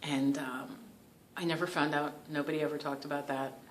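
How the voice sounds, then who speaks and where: This yoga and meditation vlogger from New York has a low-sitting voice and talks at a normal speed, with a slight hiss or hum in the recording. Telling a casual story to camera, she's chatty and animated, laughs often, and says "like" constantly.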